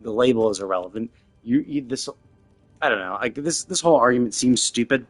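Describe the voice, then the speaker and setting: A man's voice: mid-range voice, animated, fairly quick, no room sound, soft background music. A man streaming a game, ranting in a casual, exasperated way, with many restarts and fillers. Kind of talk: casual game commentary rant.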